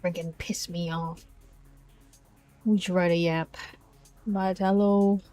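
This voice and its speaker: A woman's voice: lowish voice, little pitch movement, slow, mellow, no room sound, faint music behind. A woman streaming a game and chatting casually with her viewers, rambling along and breaking into exasperated exclamations, speaking into a desk microphone. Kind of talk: casual live-stream chat.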